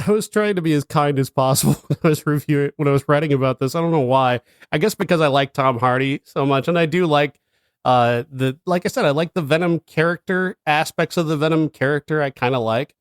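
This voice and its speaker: A man's voice: fairly high pitch, brisk, smooth, dry recording, studio quality. A man co-hosting a film review podcast, chatting bluntly and in an exasperated way, often laughing. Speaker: podcast co-host, film critic. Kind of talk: casual chat.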